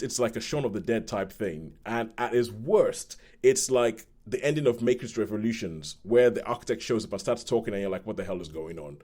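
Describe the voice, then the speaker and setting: A man co-hosting a podcast, his voice sitting at an average pitch. He rambles through a film review in a loose, casual way. He restarts his sentences often and acts out quotes from the film. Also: darkish tone. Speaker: podcast co-host.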